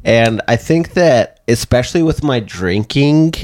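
A man's voice: mid-range voice, lively intonation, a little slow, a little mellow, a little hiss or hum. Candid, laughing young man co-hosting. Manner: laughs often, candid and rambling. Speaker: podcast co-host. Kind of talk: casual comedy podcast chat.

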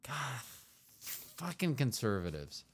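A man's voice: medium pitch, sing-song, slow, slightly rough. A man from the United States co-hosting a casual podcast with his partner, rambling and trailing off as he talks. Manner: rambling, meandering, trails off often. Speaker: podcast co-host. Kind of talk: casual chat.

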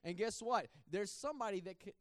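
Male preacher, high-pitched, conversational sermon with self-deprecating laughs, dry sound. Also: lively intonation, fast talker, dry recording. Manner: conversational, repeats words, laughs at himself.

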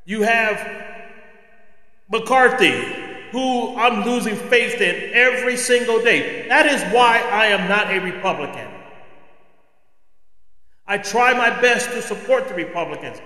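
Angry male podcaster, slow deliberate rant, roomy reverb. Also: high voice, sharp tone. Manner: angry, ranting. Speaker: podcast host. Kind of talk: political commentary monologue. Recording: roomy echo with long reverb.

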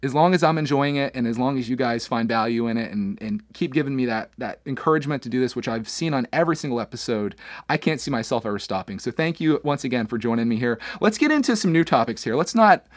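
A man hosts his own podcast and talks to his viewers in a loose, candid ramble. He keeps circling back and restarting his sentences. His voice sits at an average pitch, recorded close in a dry studio. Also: animated, fast talker, no room sound. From Pennsylvania, USA. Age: adult, father of a young son. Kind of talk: casual personal podcast monologue.

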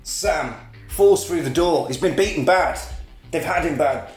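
A man co-hosting a casual podcast, retelling a film plot with animated storytelling and acted-out lines. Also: fairly high pitch, unhurried, echoey room, soft background music. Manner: animated storytelling, acting out lines, frequent laughs. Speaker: podcast co-host. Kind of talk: casual film recap chat.

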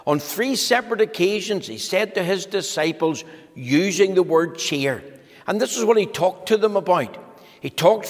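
Man telling a children's sermon story. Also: fairly high pitch. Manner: gentle, slow storytelling addressed to children. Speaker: preacher giving a children's talk. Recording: long hall reverb.

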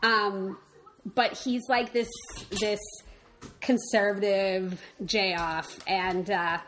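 A woman co-hosting a podcast in casual chat, talking fast and loose with lots of "like" fillers and laughing as she goes. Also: medium pitch, fairly even intonation, fairly bright tone, faint music behind. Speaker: podcast co-host. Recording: background noise.

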